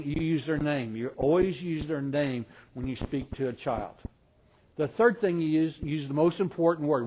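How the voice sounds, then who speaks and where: An older man speaking at a parenting seminar, a folksy storyteller who quizzes the audience and swings from loud excited bursts to soft, close asides. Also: a little high, highs cut off, a little hiss or hum. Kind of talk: live seminar talk with audience questions.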